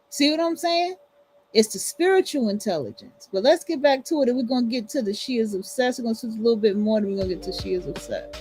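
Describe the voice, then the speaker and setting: Her voice sits on the high side, husky and darkish, and she talks fairly quickly. Hosting a livestream, she rants in casual commentary, blunt and profane, hammering points through repetition, all captured on poor audio.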